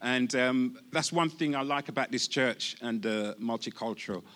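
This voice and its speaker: A man giving an informal testimony at church, halting with many restarts and laughing easily. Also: medium pitch, a bit bright.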